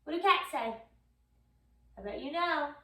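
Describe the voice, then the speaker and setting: A woman's voice: high voice, lively intonation, unhurried, a bit bright. A woman with a New York accent teaching a playful yoga class for young children, cheering them on and making animal sounds. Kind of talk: kids' yoga class instruction. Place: yoga studio. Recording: echoey room, mic at a distance.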